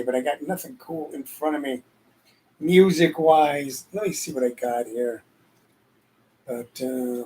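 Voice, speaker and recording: A man hosting a casual live show, joking and rambling as he answers commenters from the chat. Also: on the high side. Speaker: show host.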